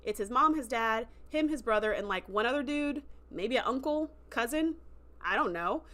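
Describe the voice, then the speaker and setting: A woman hosts a casual livestream review, walking through a story in a loose, chatty way. Her voice sits a touch high. She gets emotional and lively, and she slips into little voices whenever she acts out a quoted line. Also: normal speed. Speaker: host.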